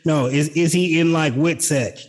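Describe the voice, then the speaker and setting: A man's voice: a little high, moderate pace. A man co-hosting a political podcast, chatting casually with sarcastic, jokey asides and reading news items. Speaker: podcast co-host.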